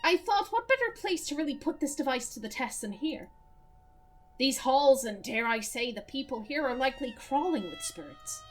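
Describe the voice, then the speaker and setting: Rich: An earnest middle-aged doctor from a video game, voiced in an Irish accent by a woman reading the part aloud. He lectures in a precise manner, and the voice is fairly high for a man. Faint violin music plays underneath. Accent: put-on Irish. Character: middle-aged male doctor, curious about spirits.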